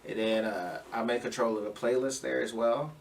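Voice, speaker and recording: A man's voice: medium pitch, fairly even intonation, moderate pace, gravelly, over a noisy crowd. A man, a stand-up comedian, telling rambling work anecdotes in a casual podcast chat and acting out quotes along the way. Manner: laid-back, rambling anecdotes with acted-out quotes. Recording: distant mic with faint room noise.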